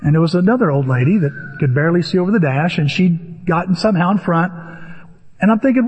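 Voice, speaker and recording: Animated older man preaching, husky and high. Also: brisk, pauses often, big-room sound. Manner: animated storytelling with acted-out voices. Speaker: pastor. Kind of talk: sermon.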